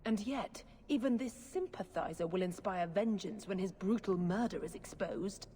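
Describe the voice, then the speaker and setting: An actress playing a fanatical middle-aged priestess in a video game, speaking in a fervent, accusing, sermon-like manner. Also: female voice, medium pitch, animated, normal speed, warm tone, husky. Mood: zealous. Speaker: priestess character. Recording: long reverb with faint noise.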